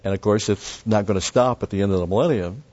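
On a dull lo-fi recording, a man with a lowish, a little mellow voice moves quickly through a Bible passage verse by verse. His style is conversational, as he explains each word and adds side remarks.

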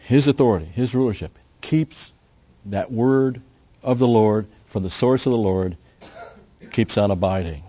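A man's voice: on the low side, unhurried, mellow, dull audio. An older man teaching a Bible study lecture in a rambling, conversational way full of asides.

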